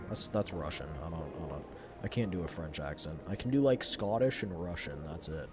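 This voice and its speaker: A man with a fairly low voice talks casually to his chat while he plays, mumbling half to himself. Game music plays clearly behind him. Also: animated, brisk. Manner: chatty, self-mumbling, addresses chat. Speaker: game streamer. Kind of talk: casual gameplay commentary.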